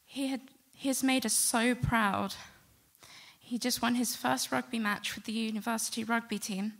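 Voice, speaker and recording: A middle-aged woman telling a personal story to a live audience, animated and acting out the quotes. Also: on the high side, moderate pace, vocal fry. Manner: lively, animated retelling with acted-out quotes. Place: stage before a live audience.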